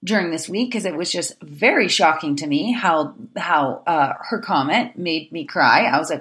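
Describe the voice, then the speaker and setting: Animated woman podcast co-host. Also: low voice, normal speed, hardly any pauses. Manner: animated, lots of restarts and "like". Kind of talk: casual chat.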